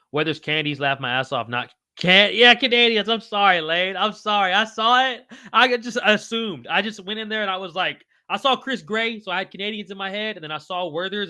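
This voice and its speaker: A man's voice: a little high, expressive, brisk, pushed and bright, no echo, clean studio sound. A man hosting a casual livestream podcast, reading chat aloud in a loose, slangy, profane way. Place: home room with wall signs.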